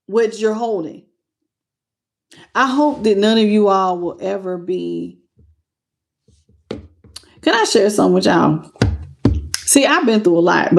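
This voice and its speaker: A woman hosting a spiritual tarot channel, talking earnestly and casually to her viewers. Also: medium pitch. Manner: earnest and intimate, with loose casual phrasing. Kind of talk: casual livestream talk to viewers.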